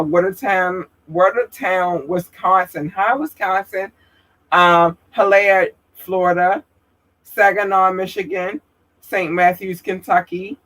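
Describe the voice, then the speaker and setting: A woman podcast host works through a long list of listener towns at an unhurried pace. She says each place name carefully and apologizes when she thinks she got one wrong. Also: fairly low pitch, fairly bright tone. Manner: slow, careful, apologetic about pronunciation. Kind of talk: reading out listener locations.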